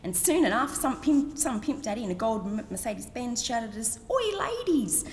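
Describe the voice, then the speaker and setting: A woman's voice: a little high, fairly quick, a little hiss or hum. A middle-aged Australian woman with an Australian accent, reading her own blog aloud at a book event in a wry, self-mocking way. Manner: wry, self-mocking, laughs between phrases. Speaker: author. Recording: long reverb in a hall.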